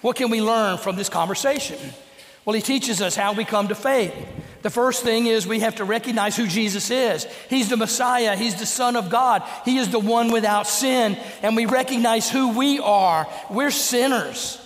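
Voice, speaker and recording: A man's voice: very high voice, normal speed. A man preaching a sermon as pastor, earnest and emphatic, in a church sanctuary. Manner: earnest, emphatic preaching with dramatic acted quotes. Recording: long reverb of a church sanctuary.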